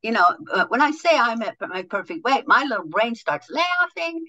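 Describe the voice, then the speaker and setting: A woman guest on a podcast, a motivational speaker and author, telling stories in an animated way and acting out quoted voices. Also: a little high, moderate pace, muffled recording. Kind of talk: conversational podcast interview.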